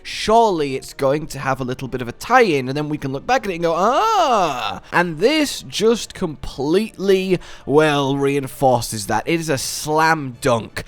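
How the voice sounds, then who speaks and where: A man's voice: a little high, normal speed, few pauses. A man hosting a gaming video, talking through game lore in a playful, jokey way. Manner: playful, jokey wordplay, animated.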